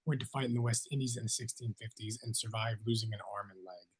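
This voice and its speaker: A man's voice: medium pitch, fast talker, husky, low-quality recording. A man giving terse, matter-of-fact announcements of song titles and years as narrator of a music history video. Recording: loud clicking noise.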